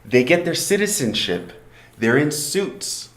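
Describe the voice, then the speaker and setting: Casting: high, lively laughing co-host man, echoey room. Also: unhurried. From born abroad. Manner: laughing, loose, swears a lot. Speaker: podcast co-host. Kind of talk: casual comedy chat. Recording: echoey room with faint music.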